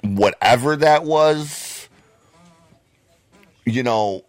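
Podcast co-host, man, low dry voice, heated profane rants. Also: a little slow, no echo. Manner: heated, profane, bursts into loud shouting. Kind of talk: profane ranting podcast chat.

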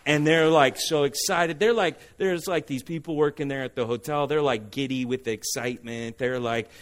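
A man from Southern California, preaching a sermon, animated and asking the congregation for responses. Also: mid-range voice, normal speed. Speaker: pastor.

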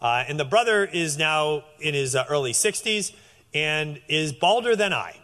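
Lively, animated man preaching. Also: a little high, moderate pace, long reverb tail. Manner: animated, conversational, with frequent restarts. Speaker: pastor. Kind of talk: sermon.

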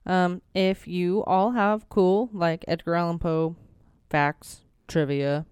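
Smooth-voiced young woman in casual chat. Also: fairly low pitch, fairly even intonation, measured pace, a little mellow, dry recording. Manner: rambling, playful, with many fillers. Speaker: podcast co-host. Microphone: desk microphone.

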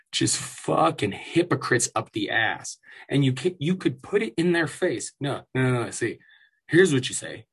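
A man's voice: medium pitch, a bit bright, slightly rough. A man delivering an angry, profane, sarcastic rant as commentary, with mocking asides. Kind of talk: ranting commentary.

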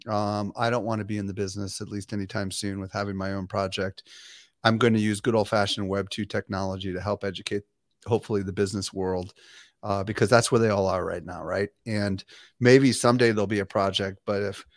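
A man talks as a podcast guest in a relaxed, candid way. His voice sits fairly low. He stumbles a little as he starts his thoughts, and the recording is dry and close. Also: a little fast, dry recording. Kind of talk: casual interview chat.

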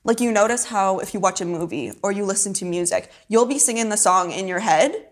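A woman's voice: medium pitch, a little fast. A young woman in casual conversation, laughing often, saying "like" constantly and swearing offhandedly. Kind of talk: casual chat.

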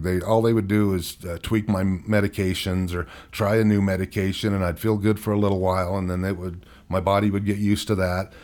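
A middle-aged man speaks in a deep, low register. He is an interview guest telling a hard personal story frankly. He pauses and restarts often and lets out wry chuckles. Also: darkish tone. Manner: frank, halting, chuckles wryly through hard memories.

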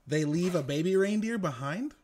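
A man's voice: high-pitched, expressive, moderate pace, darkish tone, a little hiss or hum. A man co-hosting a podcast in casual chat, telling stories animatedly and swearing freely. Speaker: podcast co-host.

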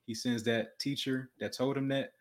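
A man's voice: mid-range voice, steady tone, moderate pace. A young man telling a story in casual talk, earnest and often restarting and repeating words, and he says he has a stutter. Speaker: podcast guest.

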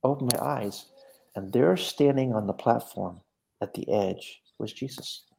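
A minister recounting a personal spiritual experience in conversation, talking earnestly and with animation. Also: male voice, medium pitch, a little slow, vocal fry, a little mellow.

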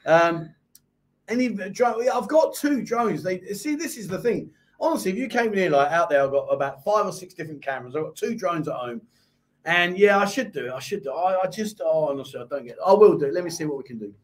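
A man's voice: sits high, lively intonation, quick pace. A man with a London accent hosting a live chat show, reading out viewer comments and answering them in a chatty way. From England. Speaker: host. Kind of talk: casual live-stream chat.

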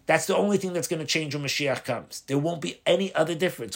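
A rabbi giving a spoken Torah lesson, explaining step by step, posing questions and answering them, often restarting and rephrasing mid-sentence. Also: male voice, fairly high pitch, lively intonation, fast talker, creaky, few pauses, fairly bright tone. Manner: explanatory, asks and answers his own questions. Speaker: rabbi teaching a Torah class.

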